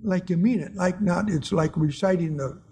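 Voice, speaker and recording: Preaching to his congregation, a man tells personal stories earnestly and chuckles at his own anecdotes. His voice is high-pitched, warm and husky, at a moderate pace.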